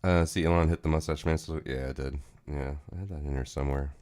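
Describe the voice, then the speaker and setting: A man's voice: extremely low pitch, steady tone, fast, darkish tone. A man hosting a casual livestream, chatting in a rambling, profane way. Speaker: livestream host.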